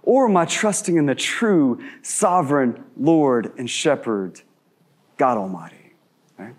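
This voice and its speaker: A man in his thirties preaching a sermon in a conversational way, asking many rhetorical questions and dropping to slow, hushed emphasis on key words. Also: medium pitch, animated. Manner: shifts between quick asides and slow, hushed emphasis. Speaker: pastor.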